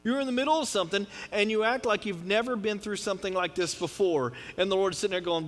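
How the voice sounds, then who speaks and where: A middle-aged man preaching a sermon in a conversational, joking way, with swings from loud to quiet. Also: high voice, fast talker, hardly any pauses. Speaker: pastor.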